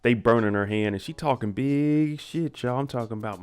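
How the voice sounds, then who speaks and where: A man's voice: medium pitch, moderate pace, clean tone. A man recapping a TV episode in a slangy, conversational way, talking straight to his viewers.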